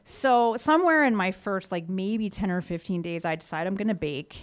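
A woman's voice: mid-range voice, moderate pace. A middle-aged woman candidly telling her sobriety story in a casual, conversational way, with many fillers. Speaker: speaker sharing her story. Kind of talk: recovery testimony, casual storytelling.

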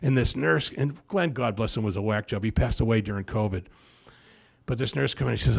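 A man speaking at a recovery meeting, telling his story in a rambling, animated way with many repeated restarts. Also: fairly low pitch, brisk, gravelly, slightly rough.

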